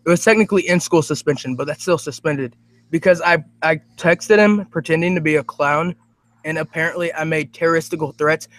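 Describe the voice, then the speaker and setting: A young man, a guest prankster, telling his stories in a rambling, excitable way with lots of fillers. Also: a little high, fairly quick. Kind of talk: casual chat.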